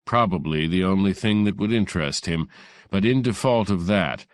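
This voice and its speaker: Haughty elegant gentleman, icy and contemptuous, very deep, read by a male narrator. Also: animated, moderate pace, dry recording, studio quality. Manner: icy, weary contempt, rich trained delivery. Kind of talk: audiobook character voice.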